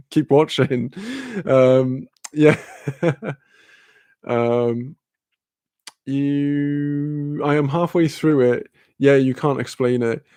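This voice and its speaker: A man's voice: mid-range voice, fairly even intonation, drawn-out words, pauses often, warm tone, clean tone, dry recording. A man chatting casually with his live-stream audience, rambling and laid-back, swearing offhandedly and laughing often.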